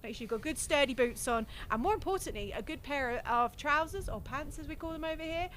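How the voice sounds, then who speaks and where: British woman host, higher voice, chatty live commentary, faint noise behind. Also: animated, a little fast, fairly bright tone, low-quality recording. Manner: chatty and cheerful, laughs often. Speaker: livestream commentator. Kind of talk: casual broadcast commentary.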